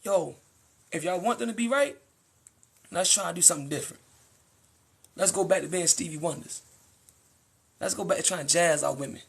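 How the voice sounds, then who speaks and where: A young American man in a casual live-stream monologue, animated and slangy, preaching to his viewers. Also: high-pitched, fairly quick, creaky, long pauses, husky. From United States. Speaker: livestreamer.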